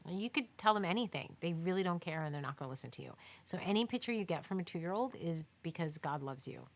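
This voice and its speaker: This fast-talking woman, a newborn and baby photographer, handles questions from viewers in an informal live Q&A. Her fairly low voice has lively intonation, and she recounts stories with emphasis, laughing and quoting what people said.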